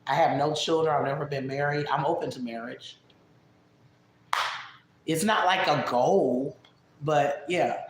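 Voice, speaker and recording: A hoarse woman hosting a livestream, candidly answering viewer questions in casual chat. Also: low voice, measured pace, long pauses, echoey room. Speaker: livestream host.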